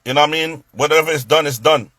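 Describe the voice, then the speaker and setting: A man telling a story in a casual rant, animated, stumbling over repeated words and acting out what others said. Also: fairly high pitch, fast, no echo.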